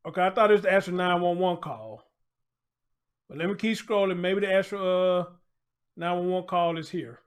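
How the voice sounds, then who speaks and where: A man's voice: high-pitched, moderate pace, clean tone. A man hosting his own show, reading a crime story aloud and reacting in loose, emphatic, swearing casual talk.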